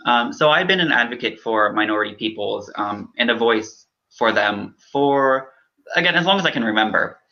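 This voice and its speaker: A young man, a political candidate, speaking earnestly in an interview, with many halting ums. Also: mid-range voice, lively intonation, bright, forceful tone, dull audio. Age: young adult. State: choked up.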